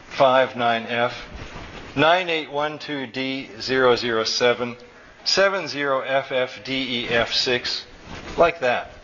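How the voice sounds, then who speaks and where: A man reading his own story aloud to a live audience at a college, in a plain, steady storytelling manner. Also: mid-range voice. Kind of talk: live public fiction reading. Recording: dull recording with faint room noise.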